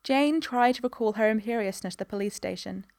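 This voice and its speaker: A woman narrating a story in an even, measured reading voice. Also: a little high, dry recording, studio quality.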